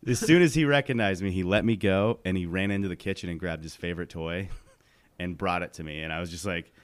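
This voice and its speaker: A man's voice: deep voice, moderate pace, no echo. A man telling a funny story in casual podcast chat, laughing often.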